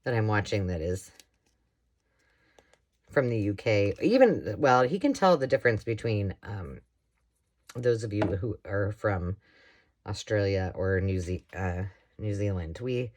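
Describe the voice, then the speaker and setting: A woman's voice: a bass voice, animated, measured pace, pauses often, darkish tone. A woman talks casually while she crafts, rambling from one thought to the next. She laughs often and keeps a loose, conversational flow. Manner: chatty, rambling, with frequent laughs. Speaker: craft vlogger.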